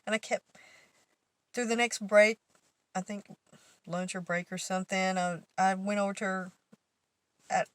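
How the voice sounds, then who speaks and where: A woman's voice: medium pitch, fairly even intonation, measured pace, pauses often, a bit bright, no room sound. A woman vlogger casually telling a story, rambling and correcting herself as she goes, laughing often.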